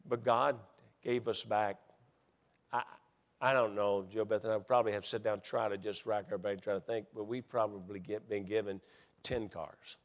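A middle-aged man preaching a sermon as pastor, stumbling through restarts and building into excited storytelling. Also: fairly low pitch, moderate pace. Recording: long hall reverb.

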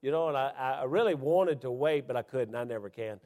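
Animated preacher in an echoing hall. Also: male voice, brisk. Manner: animated preaching with wide swings in pitch and loudness, folksy asides and chuckles. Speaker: pastor. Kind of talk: sermon. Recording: long hall reverb.

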